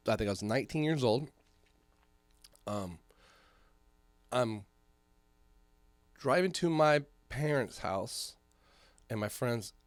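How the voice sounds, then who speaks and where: A man's voice: mid-range voice, no echo. A man telling a long story in casual chat as a podcast co-host, swearing often and acting out the voices of the people in it. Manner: animated storyteller, heavy swearing, acts out voices.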